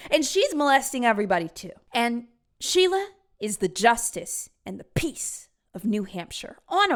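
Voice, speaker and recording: A woman hosting a true crime show, telling the story in an emphatic, conversational and opinionated way. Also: a little high. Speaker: host.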